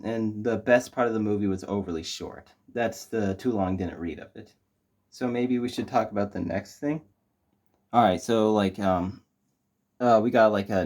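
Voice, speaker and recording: A man's voice: lowish voice, a little mellow. A young man reviewing a movie in casual chat, rambling with lots of fillers and restarts.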